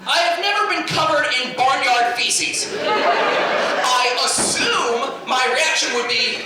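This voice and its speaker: A man from New York performs a stand-up set with a very high voice, building his story into incredulous shouts. He is heard from far off in a hugely echoey convention hall. Noise sits clearly under the recording. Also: expressive, slow. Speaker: stand-up comedian. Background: crowd laughter.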